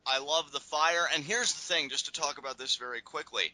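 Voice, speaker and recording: Podcast co-host, man, bright cutting tone, casual and animated, dry close sound. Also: on the high side, fairly quick, dry recording, rough recording. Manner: animated, acts out wrestlers' lines. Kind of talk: casual recap chat.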